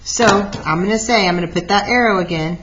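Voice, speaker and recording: Lively woman teaching math, lo-fi. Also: mid-range voice, brisk. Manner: lively, talks through steps aloud. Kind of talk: recorded math lesson. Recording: dull lo-fi recording.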